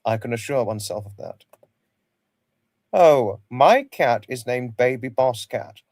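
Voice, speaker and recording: Male livestream host, mid pitch, rambling and repetitive, greets fans by name; dry, close sound. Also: lively intonation, unhurried, a little mellow, no room sound. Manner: rambling, repeats himself, greets viewers by name. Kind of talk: casual chat with viewers.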